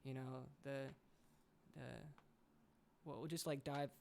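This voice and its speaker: A young man hosting a casual podcast conversation in an ordinary middle pitch. His voice carries a lot of gravelly fry, and he rambles and joking circles through fillers and restarts. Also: fairly even intonation, takes it slowly, a little mellow, a little hiss or hum. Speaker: podcast host. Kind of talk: casual chat.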